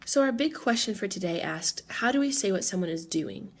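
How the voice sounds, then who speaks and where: A woman's voice: mid-range voice, expressive, a little fast. A woman teacher explaining grammar patiently, step by step, in a recorded lesson. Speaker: Spanish teacher.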